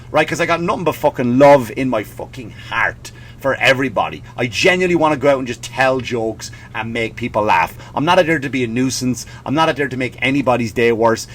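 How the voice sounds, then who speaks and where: A man's voice: medium pitch, fairly bright tone, a little hiss or hum. A male comedian and podcast host delivering a profane, sarcastic comic rant, possibly, slipping in mocking voices.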